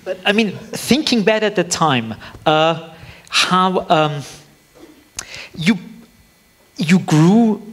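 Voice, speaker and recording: A man's voice: high voice, expressive, extremely slow, long pauses, a bit bright. A man with an Austrian accent moderating a panel, hesitant and searching for words, laughing along.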